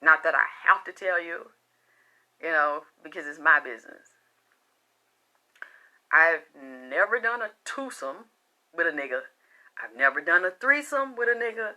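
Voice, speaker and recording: A woman's voice: on the low side, animated, normal speed, pauses often. A woman giving a heated, profane, confrontational rant straight to her viewers. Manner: loud and exasperated. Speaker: spiritual reader and vlogger. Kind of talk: unscripted personal rant to camera.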